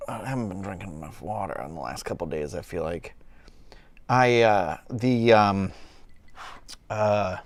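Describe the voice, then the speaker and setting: This livestream host speaks in a low-pitched, unhurried voice with long pauses, and the recording is dry. He has a loose Southern US accent and rambles casually from home, full of fillers and restarts, while sipping a cocktail on camera.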